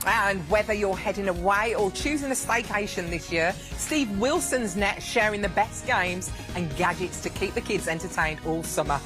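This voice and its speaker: A woman's voice: mid-range voice, moderate pace, hardly any pauses, over music. Enthusiastic woman presenting morning TV. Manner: warm, enthusiastic. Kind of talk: morning TV chat.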